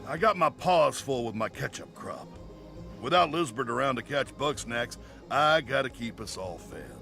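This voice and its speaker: A man voicing a stubborn, scrappy male critter farmer in a video game, with a gruff, folksy way of talking. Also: mid-range voice, animated, moderate pace, pushed and bright, faint music behind.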